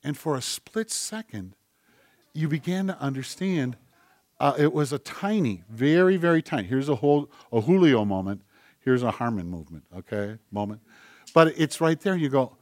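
A male pastor preaching a sermon, moving between loud, emphatic repetition and soft, intimate storytelling. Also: medium pitch, animated, moderate pace, no echo, clean studio sound. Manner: conversational, tells anecdotes with acted-out quotes.

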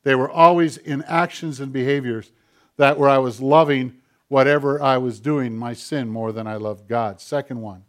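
A man preaching a sermon who acts out prayers and God's replies in quoted voices, swinging from loud urgent appeals to low hushed asides. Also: fairly even intonation, normal speed. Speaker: pastor.

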